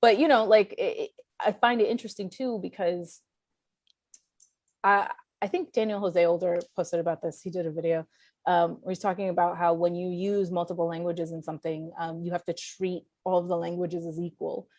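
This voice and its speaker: A woman with a lowish, warm and mellow voice talks through her ideas in a relaxed conversation. She is from Puerto Rico and grew up speaking Spanish first. She circles back, restarts sentences and searches for the right words, all in a dry, close recording. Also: normal speed, no echo. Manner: thoughtful, searching, with frequent restarts and fillers. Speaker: guest comics writer. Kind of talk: casual conversation.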